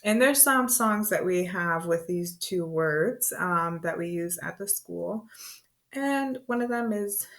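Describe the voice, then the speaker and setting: A woman leads a beginner language lesson for parents. She speaks slowly and patiently. She repeats each new word several times in an even beat. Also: medium pitch. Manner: slow, patient, repeats words in rhythm. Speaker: language teacher.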